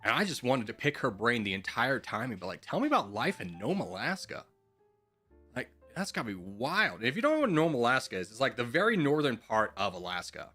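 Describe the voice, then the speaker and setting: Lively young man streaming. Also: mid-range voice, fast talker, few pauses, soft background music. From United States. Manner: chatty, sarcastic, rambling. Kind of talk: casual gaming commentary.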